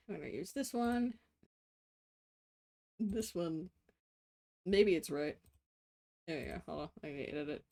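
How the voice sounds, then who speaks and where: Streaming while she draws, a late-twenties Australian woman with a mid-range voice makes rambling small talk. Fillers pile up, casual swearing slips in, and she laughs a lot.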